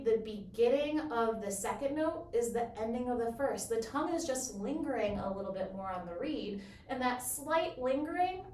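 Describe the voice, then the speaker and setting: A woman explaining bassoon technique in a clear, encouraging, step-by-step way. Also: darkish tone, slight background noise. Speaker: bassoon teacher. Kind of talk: instructional explanation. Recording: roomy echo, from a distance.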